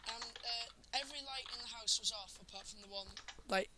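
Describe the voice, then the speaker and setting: A man's voice: very high voice, a little fast, sharp tone, rough recording. A teenage boy, chatting and telling a story in a jokey manner with lots of laughter. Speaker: podcast co-host. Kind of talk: casual storytelling.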